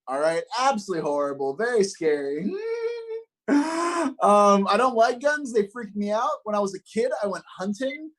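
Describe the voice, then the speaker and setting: A man's voice: high-pitched, rough recording. Upbeat young man doing stand-up. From Los Angeles. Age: young adult. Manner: upbeat, self-mocking, deadpan punchlines. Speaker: stand-up comedian. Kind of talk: stand-up comedy set.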